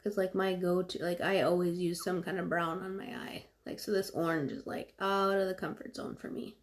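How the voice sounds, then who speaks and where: A chatty woman talking through a makeup livestream at home, full of fillers and loose asides. Her voice carries a clear creak and fry. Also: lowish voice, steady tone, moderate pace. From California. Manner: chatty, rambling, many "like"s and fillers. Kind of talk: casual livestream chat while applying makeup.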